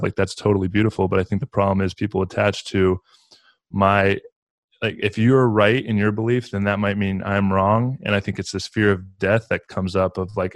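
Earnest man with a low, flat voice. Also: no room sound. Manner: earnest, reflective, frequent "like" fillers. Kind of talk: casual spiritual conversation.

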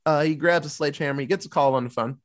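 Slightly high-voiced man recapping casually. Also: racing. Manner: loose, profane storytelling with acted-out quotes. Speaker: podcast co-host.

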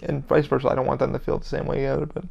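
Gravelly, profane podcast host ranting. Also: male voice, mid-range voice, monotone, racing, a little mellow, highs cut off. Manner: heavy swearing, rambling and emphatic. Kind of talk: casual solo podcast rant.

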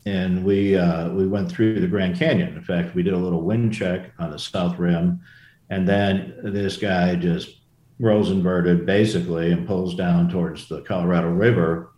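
An older man with a low, mellow voice recalls his flying days in a relaxed interview. He rambles, restarting sentences and wandering into asides. The room around him sounds echoey. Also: normal speed, dull audio. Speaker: former Marine aviator guest. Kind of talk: casual interview storytelling. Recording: roomy echo.

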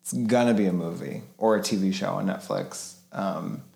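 A man's voice: low-pitched, vocal fry, mellow. Joking man in casual movie chat. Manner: joking, quick to mimic characters. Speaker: podcast co-host.

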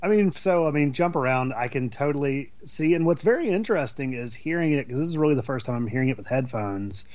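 A man's voice: medium pitch, expressive, fast talker, few pauses, darkish tone, dry recording, muffled recording. A man co-hosting a casual podcast chat, rambling and swearing freely. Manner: profane, rambling, with fillers and restarts. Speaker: podcast co-host. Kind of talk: casual chat about an album.

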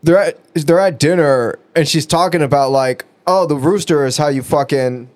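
A man's voice: fairly high pitch, normal speed, darkish tone. A man co-hosting a casual podcast, retelling a story in a rambling way, swearing often and trailing off. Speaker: podcast co-host.

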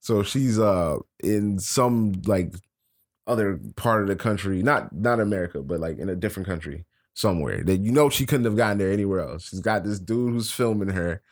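This podcast co-host has a lowish voice and speaks at a normal speed. Chatting casually, he launches into lively stories packed with swearing and laughs.

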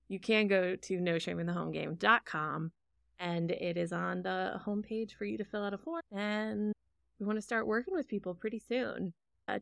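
This woman chats on her podcast in a smooth, crisp voice, right up close to a dry mic with no room sound. She talks in a casual, self-deprecating way and laughs easily as she goes. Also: mid-range voice, no room sound. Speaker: podcast co-host and producer. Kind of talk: casual chat.

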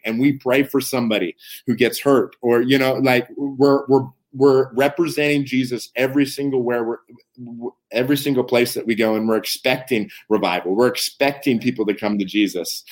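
A man's voice: mid-range voice, steady tone, normal speed. A man talking as a guest minister, sharing faith testimony in a fervent conversational way, often repeating words as he searches for his thought. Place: Canada.

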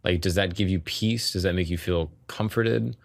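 Man, podcast host, very low voice, probing questions, casual. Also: normal speed, gravelly. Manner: probing, asks follow-up questions. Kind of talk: casual interview chat.

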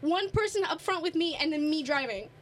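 A woman's voice: high voice, expressive, a little fast, a crowd in the background. A woman hosting a casual podcast chat, telling stories expressively with laughs and swearing. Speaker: podcast host.

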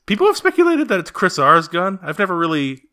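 A young man co-hosting a podcast, casually recapping a movie in an animated, laughing storytelling way. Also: high voice, fast talker. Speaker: podcast co-host.

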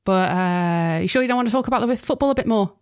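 A woman's voice: mid-range voice, quick pace, lightly acted. A woman voicing a stocky, pushy football fan in her fifties with a Manchester accent. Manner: pushy, overfamiliar.

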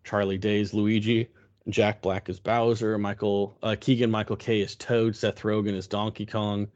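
A man's voice: on the low side, little pitch movement, moderate pace, a little mellow. A man co-hosting a casual podcast chat, rambling with many fillers and restarts. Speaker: podcast co-host. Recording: dull lo-fi sound.

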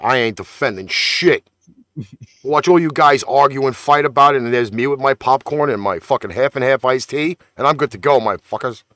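A man co-hosting and producing a sports podcast, chatting casually and launching into profane, animated rants. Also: mid-range voice, normal speed, no echo.

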